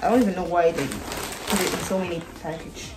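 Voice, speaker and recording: Chatting to camera, a woman who vlogs about art keeps stopping to hunt for words, her speech full of fillers. Her voice is lowish, and the echoey room carries background music.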